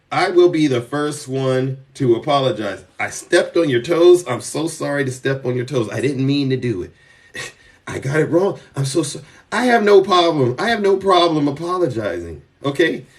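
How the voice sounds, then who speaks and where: Man, high-pitched voice, sarcastic emphatic live-stream rant, repeats himself, a bit distant from the mic. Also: fairly bright tone. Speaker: TikTok political commentator.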